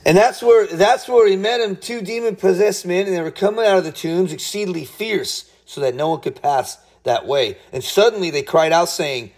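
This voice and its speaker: A man with a fairly high voice preaches a sermon and tells a personal story. He swings between loud bursts and hushed asides, often repeating and restarting his words as he goes. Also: normal speed, hardly any pauses.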